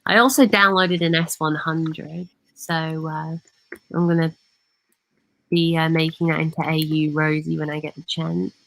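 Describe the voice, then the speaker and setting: Low-voiced woman hosting a stream. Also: flat delivery, unhurried, gravelly, fairly bright tone, poor audio. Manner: greets viewers, chatty. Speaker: livestream host. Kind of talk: casual stream chat.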